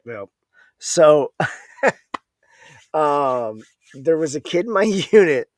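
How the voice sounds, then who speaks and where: A man's voice: a little high, very animated, drawn-out words, no echo, clean studio sound. A man, an Army veteran guest, telling war stories in casual podcast chat in a laid-back, profane way.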